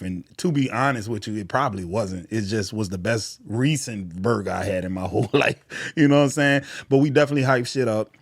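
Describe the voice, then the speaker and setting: A man's voice: medium pitch, quick pace, no echo, clean studio sound. A man hosting a reaction video, talking casually in slang with joking asides.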